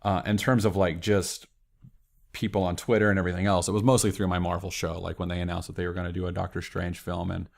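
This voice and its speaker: A man being interviewed on a podcast, telling stories excitedly and saying "like" a lot. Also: low voice, fast talker, vocal fry. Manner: excitable storyteller, heavy use of "like". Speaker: podcast guest. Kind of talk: casual interview chat.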